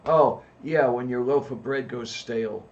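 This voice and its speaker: A man chatting casually as a podcast co-host, easygoing and a little halting when he explains things. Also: mid-range voice, vocal fry, lo-fi sound, slight background noise. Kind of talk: casual chat.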